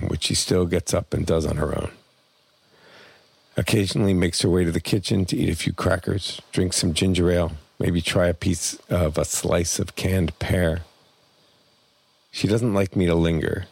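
A man reading a personal memoir aloud in plain, measured first-person storytelling. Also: deep voice, vocal fry, a little mellow, slightly rough. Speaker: memoir narrator.

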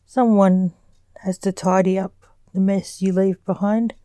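A woman's voice: medium pitch, little pitch movement, unhurried, warm tone, dry recording, natural voice. A woman reading as a curt, snappish male sorcerer. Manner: snappish, grumbling. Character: curt bureaucratic male sorcerer stage magician.

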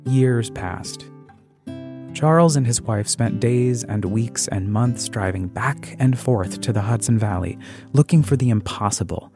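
A man narrates a documentary-style podcast at a mid pitch, reading a script. He paces the story carefully and lets key words hang. Guitar music plays clearly beneath his voice. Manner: measured storyteller pacing, dramatic pauses.

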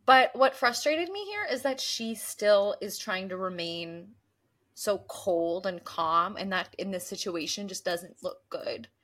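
A young woman co-hosting a casual recap chat, talking through scenes and acting out lines in quick voices. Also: medium pitch, expressive, fairly bright tone. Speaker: podcast co-host.

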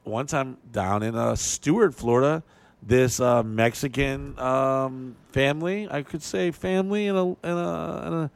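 A man's voice: medium pitch, a little slow, gravelly, dry recording. A man hosting a podcast, telling crude stories in casual chat with lots of profanity. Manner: profane storyteller, animated impressions. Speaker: podcast host.

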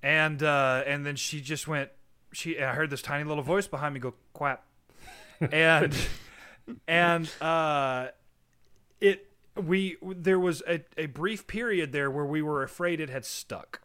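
A man's voice: a little high, a little slow, sharp tone, smooth. A man who is a parent, chatting casually as a podcast co-host, rambling and laughing often as he talks. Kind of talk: casual chat.

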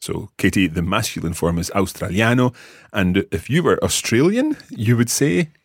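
A Scottish language teacher hosts a podcast lesson in a very low, husky voice, his pitch rolling widely as he patiently explains and repeats every word. He's very animated and moderately paced. The sound is close and dry, with no room sound.

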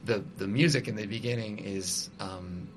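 A man's voice: lowish voice, moderate pace, a little hiss or hum. A man, a musician guest, chatting casually and rambling with lots of "like" and restarts. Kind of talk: casual conversation.

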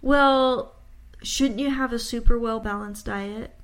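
A young woman in casual chat, curious and asking questions in a relaxed way. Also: on the high side, slow pace, poor audio.

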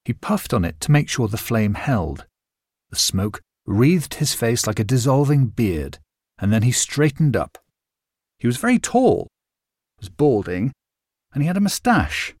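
A man narrating a first-person short story in a vivid, expressive reading. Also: mid-range voice, a little slow, no room sound, studio quality.

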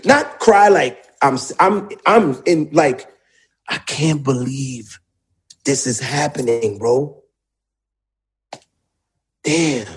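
A man, a songwriter, in a casual interview, telling his story animatedly with plenty of slang and profanity. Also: a little high.

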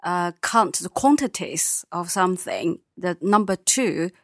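A woman with a Chinese accent explains words in a lesson, slow and patient, her voice sitting a little low for a woman. She gives short, encouraging replies and models each word. The sound is close and dry. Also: lively intonation, no room sound. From China. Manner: patient, brief affirmations, models pronunciation. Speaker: Mandarin teacher. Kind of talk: conversational language lesson.

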